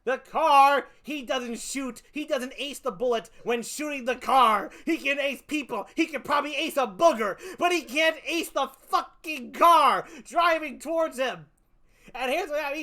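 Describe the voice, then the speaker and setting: A woman's voice: high voice, a bit bright. A woman comedian doing a stand-up routine, profane, exasperated and mocking as she picks apart a film.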